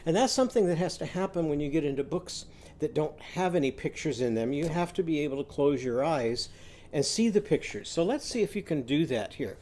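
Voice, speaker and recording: A man's voice: fairly high pitch, expressive, brisk, darkish tone, a little hiss or hum. A man teaching a children's literacy lesson, patiently guiding young listeners through sounds and letters.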